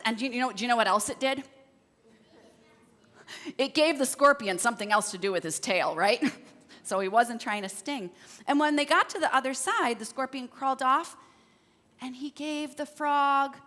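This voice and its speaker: A woman's voice: high-pitched, a bit bright. A woman telling a children's story during a church service, asking the children questions as she goes, heard with the long reverb of the sanctuary.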